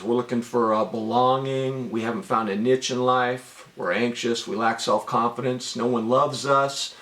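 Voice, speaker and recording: A middle-aged man telling a story from his own life in a casual, animated way, often calling the listener "man.". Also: medium pitch, roomy sound. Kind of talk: casual monologue.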